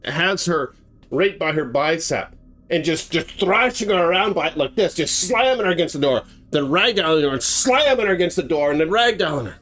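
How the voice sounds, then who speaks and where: A man's voice: fairly high pitch, animated, brisk, fairly bright tone. A man telling a gruesome story in a casual spoken way, acting out sound effects and swearing freely. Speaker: storyteller host.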